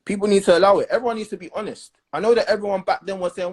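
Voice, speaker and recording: A young man hosting a casual chat, giving blunt, animated opinions packed with slang. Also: high-pitched, racing, few pauses. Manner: blunt, animated, leans on slang and "do you understand".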